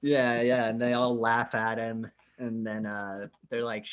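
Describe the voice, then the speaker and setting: A man's voice: medium pitch, measured pace, few pauses, clean tone, lo-fi sound. A man co-hosting a podcast, casually retelling movie scenes with lots of swearing. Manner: profane, animated scene retelling. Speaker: podcast co-host. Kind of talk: casual film discussion.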